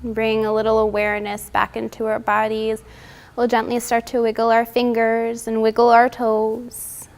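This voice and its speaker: Young woman, mindfulness instructor, slightly high voice, gentle guiding cues. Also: monotone, moderate pace. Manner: gentle, soothing spoken cues. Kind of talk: guided mindfulness and stretching session.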